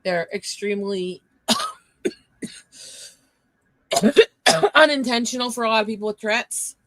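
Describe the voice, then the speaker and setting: A man's voice: high-pitched, lively intonation, measured pace, fairly bright tone, no echo. A man hosting a stream in casual chat, talking freely with swearing and laughs. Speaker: streamer host.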